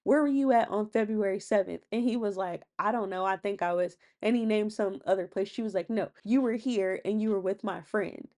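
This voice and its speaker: A woman casually retelling a reality show episode, chatty and quick, leaning on "and she was like" quotes. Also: medium pitch, a little mellow. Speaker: recap host. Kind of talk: casual reality TV recap narration.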